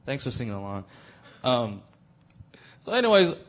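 Animated young male youth leader. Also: mid-range voice, normal speed. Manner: animated, joking, breaks into sung and mimicked bits. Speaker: youth bible study leader. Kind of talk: lively youth group teaching.

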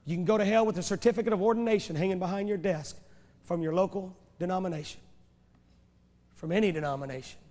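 The echoey sound of a large church sanctuary, taped on VHS, carries a man's fast, warm, high voice. He's delivering a revival sermon, pressing his points through repeated phrases and rhetorical questions.

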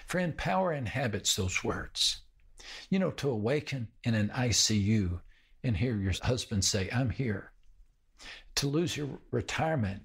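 A male preacher delivers his sermon slowly and deliberately, pausing often and repeating key phrases. His voice sits a little low, with a gravelly, husky edge. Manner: slow, measured preaching with pauses and repeated phrases. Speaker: pastor.

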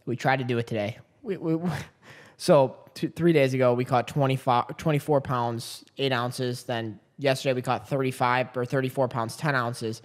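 A man's voice: mid-range voice, fairly even intonation, moderate pace. A young man co-hosting a casual chat, laid-back and joking. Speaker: podcast co-host.

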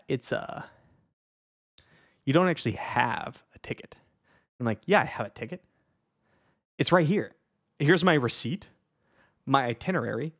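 A young man tells a travel mishap to his viewers in a relaxed vlog, his pitch sitting in an ordinary middle register. He swears casually, laughs often, and quotes everyone in the story with lively back-and-forth energy. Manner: animated retelling with quoted voices and laughs. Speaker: vlogger.

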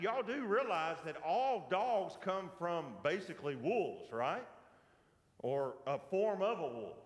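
A Southern US man leads a church Bible class in a high, very lively voice that swoops up and down. He talks in a folksy, joking way and keeps throwing questions at the room. The sound rings with a long echo from the church hall. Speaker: Bible teacher. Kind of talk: casual church Bible lesson.

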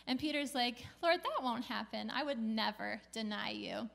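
A woman pastor giving a sermon in a relaxed, conversational storytelling way, with a few casual fillers. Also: on the high side, normal speed, creaky. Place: church.

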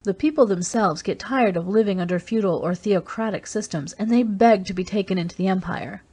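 Woman reading as a quiet, grave man. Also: medium pitch, slightly rough, lightly acted. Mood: quiet gravity. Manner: quiet, measured. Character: grave, weary man, a space-age Terran. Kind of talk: audiobook character reading.

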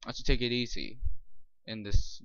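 A man voicing a tired young man in a horror game, reading the lines in a halting mumble. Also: medium pitch, fairly even intonation, a bit bright, no room sound, highs cut off, natural voice. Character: weary young man settling into a new flat.

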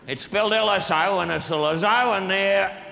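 A man playing a crude, drunk Australian diplomat with a boorish, gravelly manner, delivering a live comic monologue on a concert stage. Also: high voice, moderate pace, bright, forceful tone, full character voice. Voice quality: gravelly, blustering and vulgar. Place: large concert hall with audience. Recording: live hall recording with long reverb.

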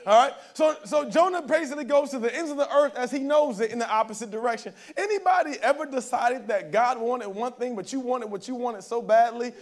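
Guy preaching at church, fairly high voice, chatty sermon, keeps asking the crowd "all right?". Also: a little fast, few pauses. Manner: conversational preaching, keeps checking in with the congregation. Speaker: pastor. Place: church service.

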